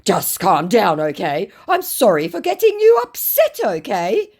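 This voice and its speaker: A woman's voice: medium pitch, a little slow, voice pushed up, exaggerated voice. A woman voicing a clingy, pleading male online scammer, whining and repeating himself as she reads his chat messages aloud. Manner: whiny, repeating "calm down, okay".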